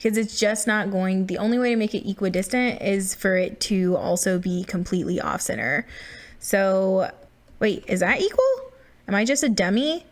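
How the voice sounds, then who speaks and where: A woman's voice: mid-range voice, normal speed. A woman giving casual, self-deprecating commentary while building in a game, thinking aloud as she works.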